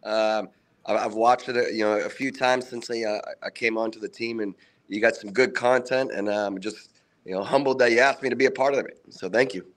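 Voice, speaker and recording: A man in his thirties from near Boston with a mixed Boston accent, a rugby coach talking casually in an interview, humble and halting with many fillers. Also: on the low side, fairly even intonation, fairly bright tone. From Massachusetts, south of Boston. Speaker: assistant rugby coach, guest.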